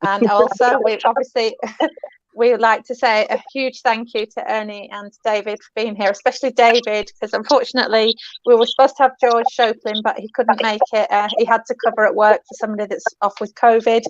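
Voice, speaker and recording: A woman hosting a live online chat show, laughing often and speaking warmly to her guests. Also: fairly high pitch, fairly even intonation, brisk, dry recording. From Scotland. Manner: laughs often, warm and gushing. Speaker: host. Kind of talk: casual chat on a live stream. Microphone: video call. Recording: dull lo-fi online call audio.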